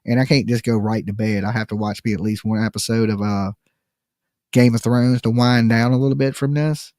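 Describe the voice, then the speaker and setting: A man with a mid-range, darkish voice speaks briskly and steadily, recorded clean in a studio with no room sound. He hosts a live call-in stream, joking around in slang and chatting casually straight to his viewers in the chat.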